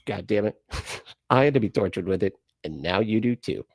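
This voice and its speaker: A man's voice: on the low side, lively intonation, moderate pace, gravelly, darkish tone, no echo. A man hosting a live reaction stream, rambling and joking at himself and laughing often. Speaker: reaction channel host. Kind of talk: casual live-stream chat.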